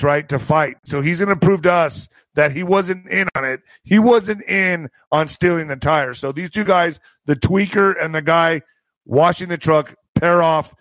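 A man telling a profane story to his video audience, animated and full of spoken sound effects. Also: a little high, no echo, low-quality recording. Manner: slips into a Spanish-accented put-on for quoted locals. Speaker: vlogger and author telling stories. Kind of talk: casual storytelling to camera.

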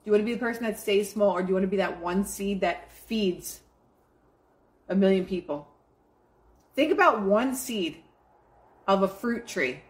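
A woman's voice: medium pitch, normal speed, long pauses. Blunt, profane woman motivational host. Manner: blunt, profane, emphatic preaching. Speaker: live-stream motivational host. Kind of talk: casual motivational pep talk to a live chat.

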